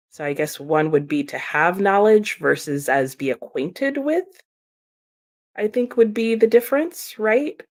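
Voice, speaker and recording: A woman hosting a book livestream, chatting casually and laughing often as she reads out viewer comments. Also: mid-range voice. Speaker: booktube host reading chat comments.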